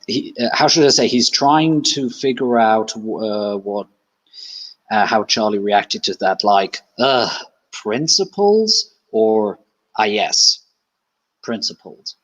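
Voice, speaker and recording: Hesitant man speaking slowly. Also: fairly low pitch, fairly even intonation, dull audio. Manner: hesitant, many restarts and fillers. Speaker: tabletop player. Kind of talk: casual game talk.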